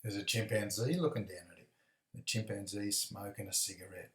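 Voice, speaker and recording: Low-voiced Australian man vlogging. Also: steady tone, fairly quick, far from the mic. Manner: rambling, friendly, filler-heavy talk. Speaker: airline pilot vlogger. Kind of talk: casual video message. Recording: echoey room.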